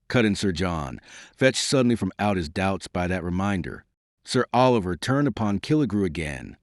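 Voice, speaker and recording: A man narrating an audiobook in a dramatic, measured reading. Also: fairly low pitch, no room sound, clean studio sound.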